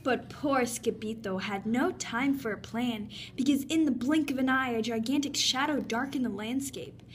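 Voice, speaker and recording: A woman reading a children's picture book aloud with expressive storytelling. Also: on the high side, moderate pace, slight background noise. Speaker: reader.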